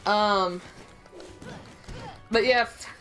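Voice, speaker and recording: A young woman co-hosting a gaming stream, telling rambling, animated stories with lots of laughter. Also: medium pitch, extremely slow, faint music behind, rough recording. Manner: rambling, animated storyteller who laughs often. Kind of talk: casual chat over gameplay.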